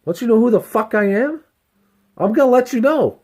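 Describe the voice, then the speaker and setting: A man voicing his own ego as an arrogant, belligerent braggart, pitched well above his normal voice. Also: animated, moderate pace, darkish tone. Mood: boastful. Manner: bragging, swaggering, defiant.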